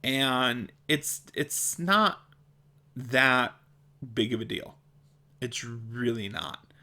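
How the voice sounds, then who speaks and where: Slow, blunt man with a mild speech impediment. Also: medium pitch, sharp tone. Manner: blunt, exasperated, laughs between points. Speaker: vlogger. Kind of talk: casual opinion vlog.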